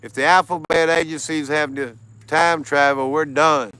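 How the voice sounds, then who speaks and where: A man's voice: a little high, steady tone, moderate pace, bright, forceful tone, clear, resonant tone. A tired American man hosting a casual livestream, greeting chat viewers by name and laughing often. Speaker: livestream host.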